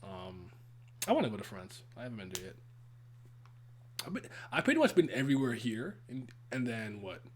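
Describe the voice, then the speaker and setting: A man's voice: mid-range voice, very animated, moderate pace, pauses often. A man co-hosting a podcast in casual chat, rambling and easygoing.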